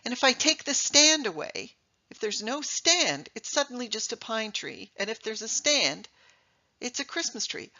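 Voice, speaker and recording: Middle-aged woman presenter, emphatic, quizzing the audience, bright tone, slightly muffled recording. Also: mid-range voice. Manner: lively, emphatic, rhetorical questions. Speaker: speaker giving a talk on English.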